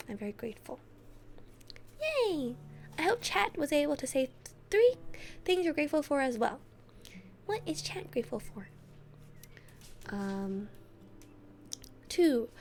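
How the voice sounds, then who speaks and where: A woman's voice: high voice, slight background noise. A woman streamer chatting earnestly with her viewers and reading a gratitude practice aloud. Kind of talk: casual live-stream chat, reading aloud. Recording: faint music behind.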